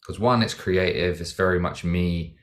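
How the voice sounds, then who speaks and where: A man speaks as a podcast guest in a very deep, low voice. He talks in a reflective, meandering way, circling back and restarting his thoughts with plenty of fillers. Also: normal speed. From Britain. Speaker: podcast guest, dancer and singer. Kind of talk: casual interview chat.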